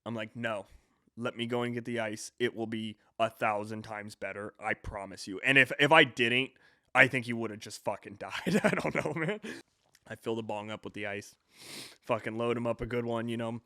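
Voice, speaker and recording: A man's voice: medium pitch, moderate pace, bright, forceful tone, dry recording, clean studio sound. A man in his twenties hosting a podcast, telling a long rambling story with lots of swearing and restarts. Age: 20s. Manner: rambling, profane, self-correcting storyteller. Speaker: podcast host. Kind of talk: casual storytelling monologue.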